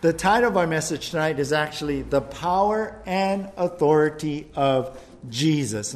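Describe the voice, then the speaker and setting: In a church setting, a male pastor whose voice runs a little high takes his congregation through a Bible study verse by verse. His preaching is lively and conversational, with jokes along the way.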